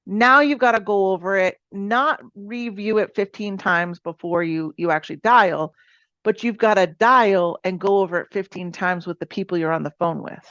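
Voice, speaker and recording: An insurance agency team leader runs a sales team meeting, coaching her agents energetically and often asking "right?" in motivational style. Her medium-pitched, fairly bright voice moves at a moderate pace, and the recording sounds dull and dry with no echo.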